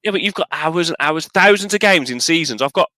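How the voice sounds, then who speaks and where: Rambling, animated young man, dry close mic. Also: a little high, a little fast, no room sound. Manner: animated, rambling, voice jumps up when excited. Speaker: podcast co-host. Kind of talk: casual chat.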